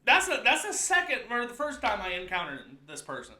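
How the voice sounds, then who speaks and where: A young man from the Midwest with a high voice, co-hosting a crude comedy podcast. His tone is very bright and sharp. He tells rambling, profane stories and acts out the people in them. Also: wildly swooping pitch, a little fast, reverberant. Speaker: podcast co-host. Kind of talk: casual comedic storytelling.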